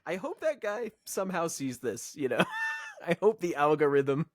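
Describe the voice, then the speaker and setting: A young man co-hosting a casual podcast, speaking with trained, clear theatrical diction and laughing often. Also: on the high side, huge pitch swings, moderate pace, no room sound, clean studio sound. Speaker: podcast co-host. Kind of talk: casual chat.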